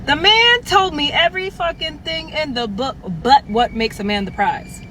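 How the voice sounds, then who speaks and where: A woman's voice: high voice, big pitch swings, moderate pace, few pauses, slight background noise, low-quality recording. A woman ranting in a social media clip, exasperated and profane, recorded in a car. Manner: exasperated, profane, rising to a shout.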